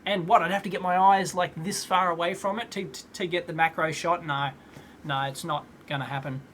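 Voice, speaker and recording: A man's voice: high-pitched, fairly even intonation, a little fast, a bit bright, slight background noise. Chatty man answering live questions. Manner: casual, rambling, frequent throat clearing and laughs. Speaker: electronics video host. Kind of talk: live Q&A stream.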